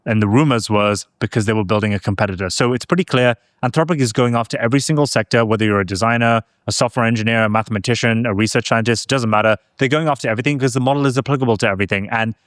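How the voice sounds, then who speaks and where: A British man co-hosting a casual tech podcast, chatty and quick to laugh. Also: medium pitch, a bit bright, dry recording, studio quality. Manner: chatty, laughs easily, says whilst. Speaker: podcast co-host.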